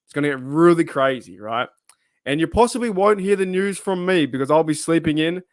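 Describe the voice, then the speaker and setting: Chatty man with a smooth, higher voice. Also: expressive, brisk, no echo, studio quality. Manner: rambling, thinks aloud with many asides and "right?". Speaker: sports YouTuber. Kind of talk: casual solo video commentary.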